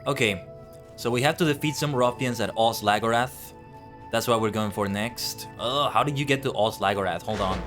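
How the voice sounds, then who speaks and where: A VTuber streamer with a non-native English accent rambles and muses aloud while playing a game in casual live-stream chat. His voice is medium-pitched and fairly bright, at a normal speed, with faint music in the background.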